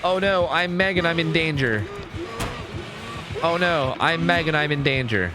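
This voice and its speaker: A man's voice: a little high, measured pace, over music, close to an everyday voice. A man faking a whimpering scared girl. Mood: mock-scared. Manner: whimpering baby talk in broken English. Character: panicky timid young woman survivor, helpless.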